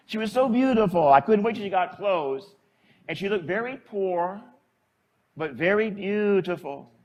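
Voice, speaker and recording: A man's voice: high-pitched, muffled recording. A man, a priest, telling a story in a homily in a folksy, conversational way.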